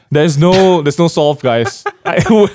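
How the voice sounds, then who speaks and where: A man's voice: on the high side, takes it slowly, soft background music. Young guy telling a story in a chat, laughs a lot, does the voices. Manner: animated storyteller, laughs often, acts out quoted voices.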